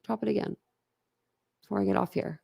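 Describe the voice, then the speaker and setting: Hosting a livestream, a woman talks casually and bluntly with viewers, rambling and laughing often. Her medium-pitched voice is gravelly and mellow with a breathy edge, fairly even in intonation and fairly quick.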